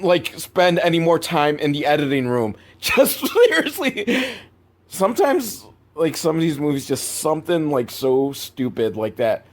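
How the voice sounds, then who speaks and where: A man's voice: a little high, a little mellow. A man talks through a cheap movie in loose, rambling asides, swearing casually and hedging with lots of "like" and "I don't know." He laughs at the film's sloppiness as he goes, in an unscripted, conversational way. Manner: rambling, profane, laughs at bad filmmaking. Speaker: movie reviewer host.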